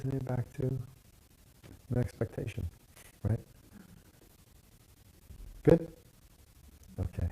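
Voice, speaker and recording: A man teaches meditation in a loose, conversational way, wandering into stories and checking in with his listeners. His voice sits low and warm. It has a husky edge. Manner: conversational, digressive, frequent "you know" and "right?". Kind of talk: casual dharma talk.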